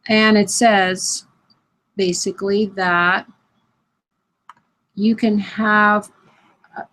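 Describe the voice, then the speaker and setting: A woman's voice: medium pitch, flat delivery, very slow, a bit bright. A woman school counselor chatting on a video call, reflective and searching for words. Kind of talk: casual online chat.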